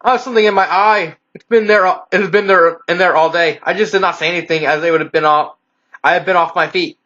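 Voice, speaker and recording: A reader voicing a gruff, grumbling old male Viking blacksmith, over a dull lo-fi recording. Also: mid-range voice, steady tone, fast talker, pushed and bright, close to an everyday voice.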